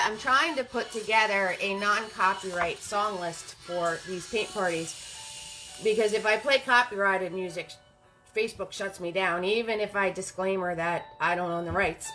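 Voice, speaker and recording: A woman's voice: mid-range voice, bright, forceful tone, rough recording. A woman hosting a live-streamed painting class, upbeat and greeting viewers by name as they join.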